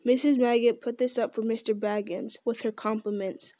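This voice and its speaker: A woman's voice: fairly high pitch, fairly even intonation, moderate pace, warm tone, no room sound, lightly acted. Maggot, a hearty old farmer read by a woman.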